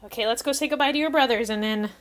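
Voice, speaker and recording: A woman's voice: on the high side, fast. A woman hosting a casual livestream, chatting with viewers and cooing baby talk at her cats.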